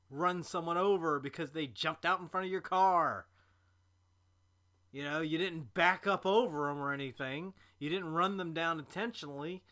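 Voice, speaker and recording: A man's voice: fairly high pitch, bright, forceful tone. A man hosting a stream, reacting to a clip with profane, sarcastic commentary. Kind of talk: mocking commentary.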